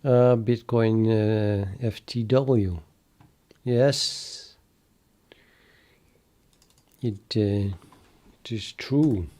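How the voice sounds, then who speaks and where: Streaming his live development work, a programmer thinks aloud as he codes and chats with viewers. His voice sits on the low side, steady and warm, and his halting, muttering talk trails off mid-sentence.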